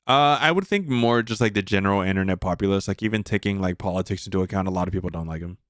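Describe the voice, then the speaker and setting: A man's voice: low-pitched, fast, fairly bright tone. A man co-hosting a podcast, giving his opinions in casual chat with lots of fillers. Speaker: podcast co-host.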